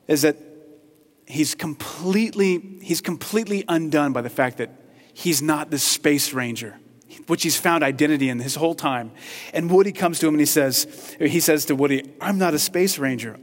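A male pastor preaches with passion, his slightly higher voice dropping to hushed tenderness and then rising to excited emphasis. A long reverb trails every phrase, as in a large church. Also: moderate pace. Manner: passionate, swings from hushed to loud. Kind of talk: sermon.

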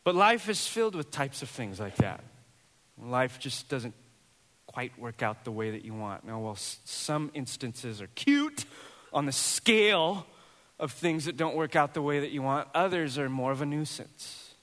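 A man in his thirties, a pastor, preaching a sermon and telling a personal story with lively, acted-out dialogue. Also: medium pitch, unhurried, in a large hall. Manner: animated storyteller, acts out voices in quoted dialogue.

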